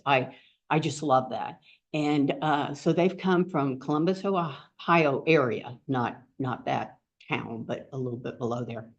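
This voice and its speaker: A woman's voice: low-pitched, a little mellow. A woman hosting a group meeting, introducing the guest speaker in a rambling, heartfelt way with many fillers. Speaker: meeting host and co-founder. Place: meeting room with an audience. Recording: dull lo-fi recording.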